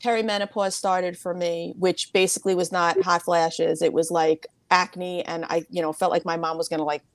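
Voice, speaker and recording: A middle-aged woman therapist telling a personal story in a casual interview, talking fast and animatedly. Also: no echo. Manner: animated, rapid talker who mimics others in a high voice. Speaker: therapist guest.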